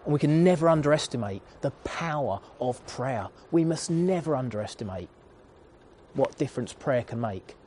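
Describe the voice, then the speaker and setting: A man's voice: mid-range voice, expressive, normal speed, a little mellow, a little hiss or hum. A man in his thirties preaching a sermon, retelling a children's story in an earnest storytelling manner.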